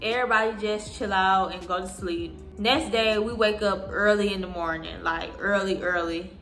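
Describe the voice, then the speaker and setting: A woman vlogger tells an animated story in a storytime vlog, acting out quotes in different voices. Her mid-range voice moves at a moderate pace in an echoey room with soft background music.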